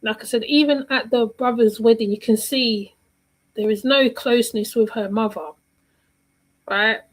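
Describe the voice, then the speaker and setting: A woman's voice: fairly high pitch, steady tone, unhurried, low-quality recording. A woman giving casual reaction commentary on a livestream, rambling and repeating herself while she searches for words.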